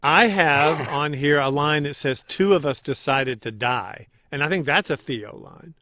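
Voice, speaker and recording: A man co-hosting a podcast, chatting casually as he recaps scenes and acts out quick quoted lines. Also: a little high, animated, pushed and bright, dry recording, clean studio sound. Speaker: podcast co-host.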